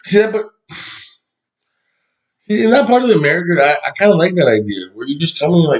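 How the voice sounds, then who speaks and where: A man's voice: fairly high pitch, lively intonation, fairly quick, pauses often. A man co-hosting a podcast in casual chat, loose and profane, full of "like" and "dude". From Canada. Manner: loose, swears casually, says "like" and "dude" a lot. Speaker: podcast co-host. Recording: dull lo-fi sound.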